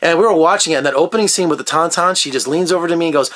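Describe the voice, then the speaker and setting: A man's voice: on the high side, rapid-fire, a bit bright. A middle-aged man reviewing a film in a casual video, enthusiastic and rambling, jumping from topic to topic. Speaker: film critic.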